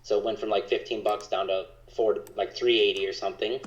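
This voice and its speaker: A man talking casually in a monotone on a stock trading livestream. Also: lowish voice, a little fast. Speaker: co-host trader. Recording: echoey, dull lo-fi sound.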